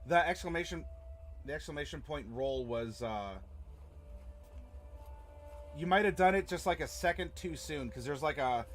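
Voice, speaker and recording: Rambling, slightly high-voiced male streamer. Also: moderate pace, pauses often, faint music behind. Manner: rambling, many fillers and restarts. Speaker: streamer and game master. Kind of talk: casual live-stream chat.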